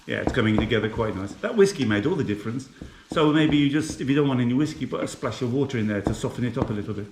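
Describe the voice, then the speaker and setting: A man's voice: mid-range voice, lively intonation, racing, roomy sound, background noise. A man from England chatting casually to his viewers while he cooks on the hob at home, with food sizzling in the pan. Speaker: cooking vlogger. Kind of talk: casual cooking vlog. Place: home kitchen. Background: frying and sizzling from the hob.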